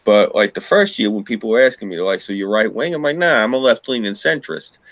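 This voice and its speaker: Blunt New York man, bright dry voice. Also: lowish voice, expressive, fast talker, dry recording, highs cut off. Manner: blunt, profane, combative. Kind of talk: casual political chat.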